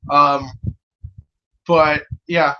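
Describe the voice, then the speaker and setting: A man's voice: a little high, little pitch movement, extremely slow, dull audio, slight background noise. A man co-hosting a casual review chat, joking and laughing often. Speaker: co-host.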